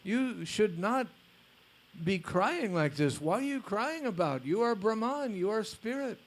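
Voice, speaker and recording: A man's voice: high voice, sing-song, unhurried, pitched above the performer's own voice. A man doing a preachy, fault-finding disciple. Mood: condescending. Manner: preachy, condescending. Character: smug young male disciple, lecturing and dismissive.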